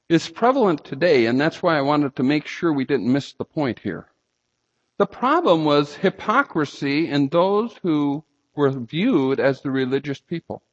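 A man preaching a sermon, telling stories and sometimes breaking into loud outbursts. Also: medium pitch. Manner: storytelling with sudden loud outbursts. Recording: slightly dull lo-fi sound.

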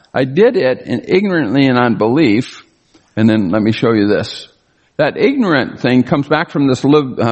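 A man's voice: medium pitch, dull audio. Preacher man in a reverberant hall. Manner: reads scripture aloud and explains it, slows down to stress key words. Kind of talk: sermon, Bible teaching.

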